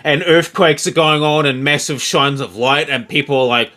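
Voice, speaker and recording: A man's voice: fairly high pitch, moderate pace, bright, forceful tone. A man in a casual anime discussion, joking and emphatic, swearing freely.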